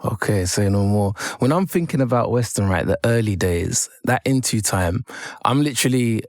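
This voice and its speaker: Lively man hosting radio. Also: lowish voice, normal speed, dry recording, studio quality. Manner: energetic, hypes up guests. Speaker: radio host. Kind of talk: upbeat radio interview. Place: radio studio. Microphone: studio microphone.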